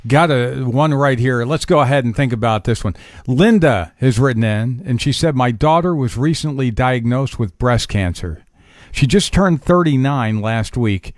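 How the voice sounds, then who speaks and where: A radio host with an expressive, medium-pitched voice speaks at normal speed on a dry studio recording. Presenting an oldies show, he chats upbeat and easily amused about listener notes and birthdays.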